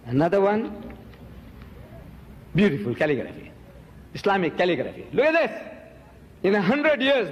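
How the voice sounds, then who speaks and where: A man giving an emphatic, accusing public lecture, jumping sharply up in pitch on key words. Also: long reverb tail. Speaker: Muslim preacher and debater.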